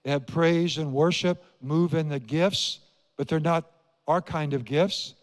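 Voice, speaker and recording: Older pastor from iowa telling a story in his sermon, voice a bit high, lots of repeating for emphasis, big echoey church hall. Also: unhurried. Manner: storytelling preacher, emphatic repetition, asks the congregation questions. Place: church sanctuary.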